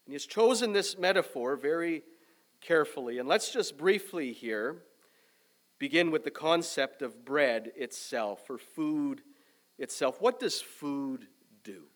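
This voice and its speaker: A male pastor delivers a sermon at an unhurried, deliberate pace. His voice sits somewhat high for a man, and he lands each phrase with measured emphasis. It is steady preaching rather than chat. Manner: measured preaching, loud emphatic start easing to quieter reflective tone.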